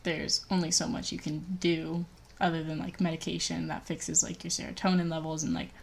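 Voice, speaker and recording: A woman's voice: deep voice, little pitch movement, brisk, vocal fry, slight background noise. A woman co-hosting a podcast in casual chat, says "like" constantly. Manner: filler-heavy, says "like" constantly. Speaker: podcast co-host.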